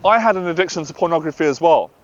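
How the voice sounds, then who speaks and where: Animated and rapid-fire, a man with a slightly high voice delivers a direct-to-camera monologue. He's a dating and anxiety coach whose earnest, confessional talk sometimes includes acting out the voice in his head, recorded in slightly dull lo-fi audio.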